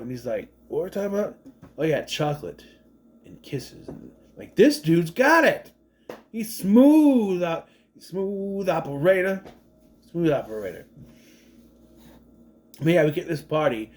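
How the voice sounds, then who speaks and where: A man's voice: mid-range voice, animated, normal speed, pauses often, a little mellow. A man in his thirties, a father, casually recapping a movie in a chatty, rambling way, acting out the characters' lines. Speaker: movie reviewer.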